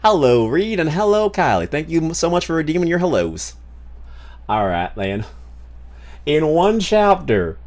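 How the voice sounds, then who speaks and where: A man's voice: on the high side, big pitch swings, a little slow, pauses often, darkish tone. A man streaming, chatting casually with viewers in a rambling way, swearing freely. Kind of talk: casual livestream chat.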